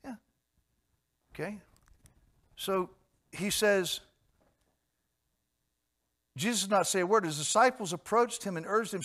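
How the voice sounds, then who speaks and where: Give a male preacher with a fairly high voice, chatty and direct. He asks his listeners questions and answers them himself. He swings from quiet asides to emphatic points. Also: measured pace, pauses often. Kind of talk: sermon.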